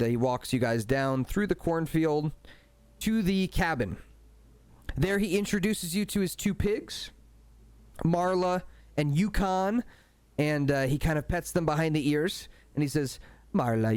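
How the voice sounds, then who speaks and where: A man narrating a tabletop game as game master, relaxed and casual with frequent asides. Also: fairly high pitch, clean tone, no echo.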